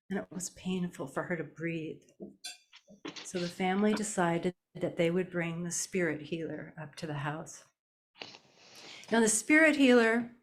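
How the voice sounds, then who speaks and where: A woman telling a folk tale live, slow and deliberate with long pauses. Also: fairly low pitch, slight background noise. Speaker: storyteller. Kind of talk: live oral storytelling. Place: storytelling event indoors.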